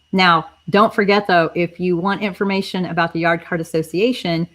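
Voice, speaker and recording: A woman hosting a live online stream, chatting casually and speaking directly to her viewers as she runs a giveaway. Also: lowish voice. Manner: chatty, addresses viewers directly, spells things out. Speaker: livestream host running a giveaway.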